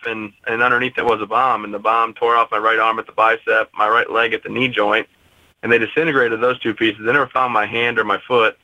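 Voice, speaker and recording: A man in his twenties telling a personal story as an interview guest, steady and matter-of-fact. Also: medium pitch, dry recording, rough recording. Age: 20s.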